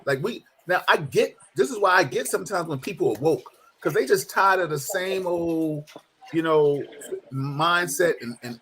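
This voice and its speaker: Male host of a call-in panel, emphatic and animated, slightly higher voice. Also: a little hiss or hum, poor audio. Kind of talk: panel discussion.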